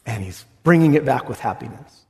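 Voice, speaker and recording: A man preaching an expository sermon, animated, swinging from hushed tones to exclamation. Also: medium pitch, brisk, husky. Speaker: pastor. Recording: reverberant hall.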